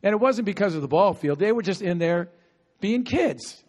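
Male preacher with a high voice, lively and chatty, coaxing the crowd to answer back. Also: moderate pace. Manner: animated, talkative, with bursts of laughter and call-and-response. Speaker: pastor. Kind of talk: sermon. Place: outdoor gathering with insects audible. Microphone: no microphone at times.

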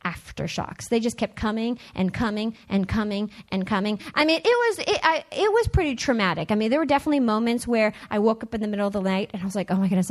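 A woman, a teacher, giving a personal church testimony in an earnest, conversational way that repeats its key phrases. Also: medium pitch. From United States.

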